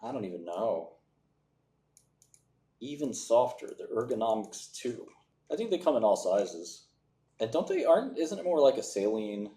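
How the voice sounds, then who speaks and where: A young man in casual livestream stock commentary, offhand and sardonic, with deadpan asides. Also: mid-range voice, normal speed, long pauses, slightly rough. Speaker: stock-review streamer.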